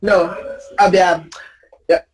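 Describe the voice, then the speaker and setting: A woman's voice: on the low side, fairly even intonation, slow pace, darkish tone, faint music behind, rough recording. A woman teaching English pronunciation in a class drill, patiently correcting students and repeating each word as a model.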